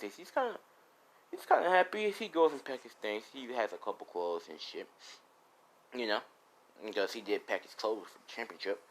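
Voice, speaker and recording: A man's voice: lowish voice, lively intonation, normal speed. A man improvising a story in a casual, rambling, profane way. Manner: rambling, profane, laughs at own jokes.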